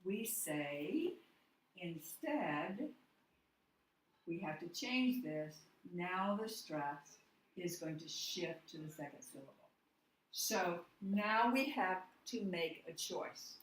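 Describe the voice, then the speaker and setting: A woman teaching a phonics lesson, walking through each step slowly and spelling out words letter by letter. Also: fairly low pitch, expressive, a little hiss or hum. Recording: echoey room, voice from far off the mic.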